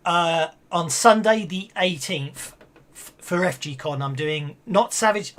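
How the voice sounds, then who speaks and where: Guy running an online tabletop game, kinda high voice, lots of uhs and restarts over a call. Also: fairly bright tone. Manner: halting, many fillers and restarts. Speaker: game master. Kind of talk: wrapping up a tabletop game session.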